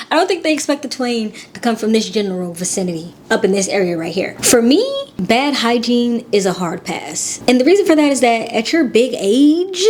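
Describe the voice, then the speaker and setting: A young adult woman giving casual, chatty reaction commentary as a vlogger, talking in an animated and slangy way. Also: fairly high pitch. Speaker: vlogger reacting to a dating show.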